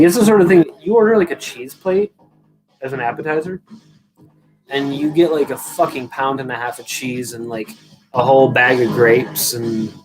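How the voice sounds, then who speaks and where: A man's voice: medium pitch, rough recording. Casual profane man chatting over music. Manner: rambling, profane, self-deprecating, chatting to viewers. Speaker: live stream host. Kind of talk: casual live-stream chat. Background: music playing.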